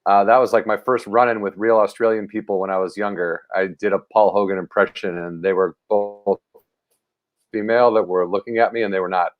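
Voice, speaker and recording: A man, a comedian guest on a video call, telling stories with hesitant, halting starts. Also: lowish voice, steady tone, phone-quality sound. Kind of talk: casual comedic chat.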